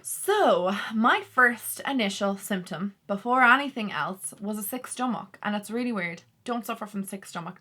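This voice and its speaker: A woman talks straight to her viewers in a loose, chatty vlog. Her voice is bright and forward, and her speech runs on freely with plenty of "like" fillers and open, candid asides. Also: mid-range voice. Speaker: vlogger. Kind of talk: casual talk to camera.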